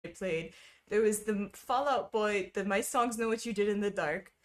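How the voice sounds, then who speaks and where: A woman's voice: mid-range voice, moderate pace. A woman streaming casually, chatting with viewers while she stitches, full of wry asides and frequent laughter.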